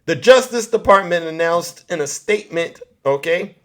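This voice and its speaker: Male livestream host, political commentary, higher voice, loud, mocking, repetitive. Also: expressive, moderate pace. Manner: loud, mocking, repeats himself.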